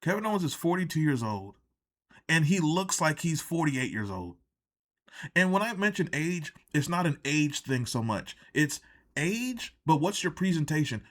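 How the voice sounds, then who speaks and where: Brief: male reviewer, exasperated and profane ranting commentary, slightly high voice that swings widely. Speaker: wrestling show reviewer.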